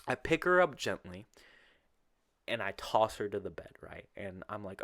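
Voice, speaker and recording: Animated young man telling a story. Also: lowish voice, moderate pace, no room sound, clean studio sound. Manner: animated, profane, mimics voices. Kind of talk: casual personal storytelling.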